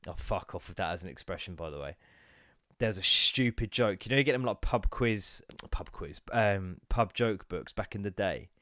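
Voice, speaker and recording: A man's voice: deep voice, animated, moderate pace, fairly bright tone, dry recording, clean studio sound. Sweary rambling podcast man. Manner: rambling, sweary, jumps into goofy voices. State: congested, bunged up. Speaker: podcast host. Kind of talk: solo casual podcast rant.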